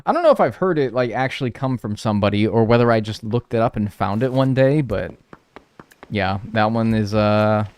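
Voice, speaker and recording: A man's voice: lowish voice, expressive, normal speed, a little mellow, clean tone, no room sound. A young man streaming a video game, chatting casually and rambling, swearing freely as he talks. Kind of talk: casual stream chat while playing.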